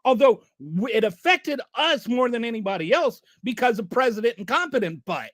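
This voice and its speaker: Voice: mid-range voice, expressive, normal speed, a bit bright, no room sound. A channel host giving an exasperated, sarcastic rant of political commentary.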